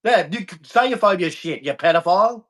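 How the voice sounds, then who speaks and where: On a livestream, a male host rants angrily in a voice that is unusually high and bright for a man. He talks a little fast and animatedly, hurling accusations and hammering the same points over and over with harsh, profane language.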